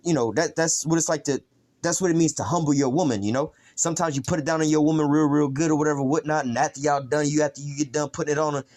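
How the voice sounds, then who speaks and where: Profane rambling street preacher man. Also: a little high. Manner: profane, rambling, slangy, many fillers. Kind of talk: informal bible lesson.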